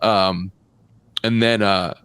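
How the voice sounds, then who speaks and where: A man co-hosting a comedy podcast, telling stories in a fast, profane, animated rant. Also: clear, resonant tone, no echo. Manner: animated, profane, quick rants with pitch jumps. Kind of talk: casual storytelling chat.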